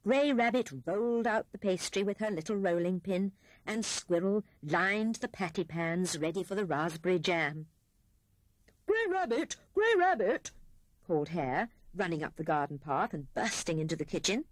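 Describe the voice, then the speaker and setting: A woman reads a children's storybook aloud with an animated voice that rises and falls widely. Her tone is slightly breathy, and the recording is close and dry. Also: on the low side, moderate pace, no echo. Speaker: audiobook narrator.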